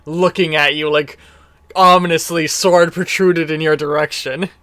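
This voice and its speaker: A man's voice: on the high side, steady tone, a little slow, bright, forceful tone, no echo. A man running a tabletop role-playing game, narrating the scene with rambling restarts. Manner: rambling, many restarts and fillers. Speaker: game master.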